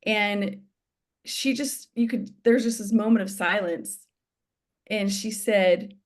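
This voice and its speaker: A woman's voice: medium pitch, measured pace. A woman guest telling her story in an interview, acting out the dialogue she quotes.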